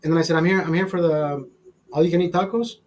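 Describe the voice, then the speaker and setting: A man's voice: a little high, steady tone, fast, a little mellow, poor audio. A man of fifty, a show host, telling a rambling story in casual chat, swearing a lot and sounding exasperated. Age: 50s. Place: small studio.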